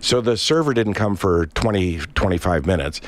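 A middle-aged man from Canada, with a voice pitched a little low, spins a long personal anecdote in relaxed chat. He slips into the voices of the people in his story as he tells it. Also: moderate pace, no echo. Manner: animated anecdote with acted-out voices.

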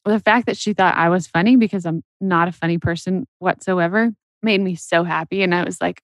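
A woman's voice: fairly low pitch, steady tone, moderate pace, no echo. A mother in her thirties co-hosting a podcast, chatting and laughing easily. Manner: warm-hearted, laughs easily, conversational. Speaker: podcast co-host. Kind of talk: casual podcast chat.

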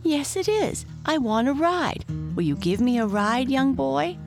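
A woman doing an eager high little boy. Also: a little slow, vocal fry, over music, full character voice. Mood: pleading. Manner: excited, pleading.

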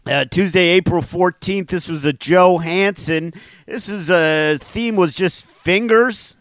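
A man co-hosts a word podcast in relaxed chat. He speaks slowly in a fairly high voice, trading goofy puns and laughing at them. The recording is close and dry. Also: smooth, dry recording. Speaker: podcast co-host. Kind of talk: casual chat.

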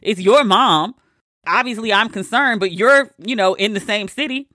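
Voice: mid-range voice, moderate pace, bright, forceful tone, no echo, studio quality, voice pushed up, close to an everyday voice. A storyteller voicing a laid-back grown male cousin who shrugs everything off in an easy drawl. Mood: unbothered.

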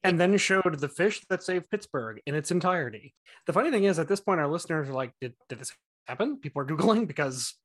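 A podcast co-host making wry, deadpan asides in casual chat. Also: mid-range voice, fast.

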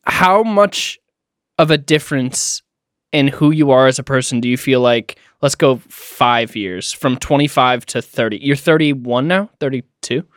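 Smooth-voiced playful man in his twenties. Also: medium pitch, unhurried, a bit bright, no room sound, studio quality. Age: 20s. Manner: playful, teasing. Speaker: podcast co-host. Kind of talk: casual chat.

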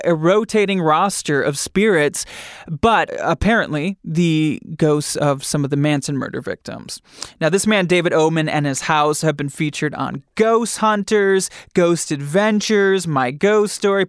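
A man hosting an interview with eager, lively energy, his voice a touch higher than most. It sounds close and dry, with no room behind it. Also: clear, resonant tone, no echo. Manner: eager, animated intro talk. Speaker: podcast host. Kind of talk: casual interview.

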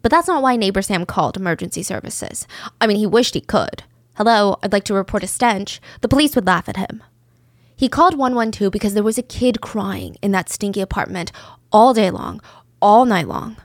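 A woman's voice: medium pitch, animated, fairly quick, dry recording, studio quality. A woman narrating a true crime story in a casual, chatty way, with conversational asides.

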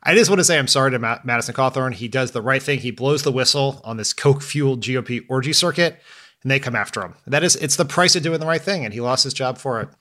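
A man co-hosting a political podcast, talking in quick bursts with plenty of emphasis. His voice sits at an ordinary middle pitch, and he sounds lively and animated throughout. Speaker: podcast co-host. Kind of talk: casual political chat.

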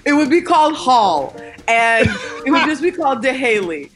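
A woman's voice: sits high, moderate pace, faint music behind. A young woman, a TV writer, chatting as a podcast guest, telling stories with swearing, laughter and acted-out voices. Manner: animated storyteller, acts out voices, swears, laughs. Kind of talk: casual podcast chat.

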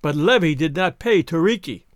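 A man's voice: on the high side, expressive, normal speed, dry recording, studio quality, lightly acted. A man voicing a fearful husband who speaks in faltering tones in a storybook reading. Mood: weary. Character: timid, scheming island husband.

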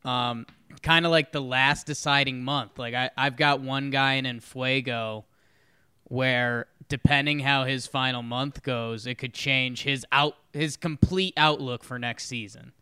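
A man co-hosting a casual sports podcast, easygoing and rambling, and quick to laugh. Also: mid-range voice, steady tone, bright, forceful tone, clean tone, dry recording, studio quality. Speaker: podcast co-host.

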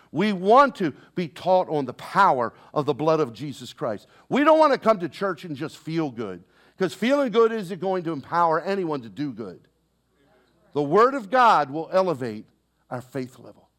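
Lively preaching man, rising and falling. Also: on the high side. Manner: preacherly call-and-response, rising and falling emphasis. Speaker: pastor. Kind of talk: sermon.

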